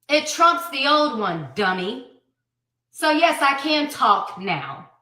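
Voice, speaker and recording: A woman's voice: on the high side, pushed and bright. A woman in her thirties giving a blunt, profane, emphatic personal account as an interview guest. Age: 30s. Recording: roomy sound, mic at a distance.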